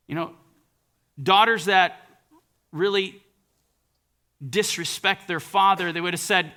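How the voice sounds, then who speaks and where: Brief: emphatic male Bible teacher, high and bright voice, reads scripture aloud mid-sermon. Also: steady tone, slow pace, long pauses. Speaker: preacher.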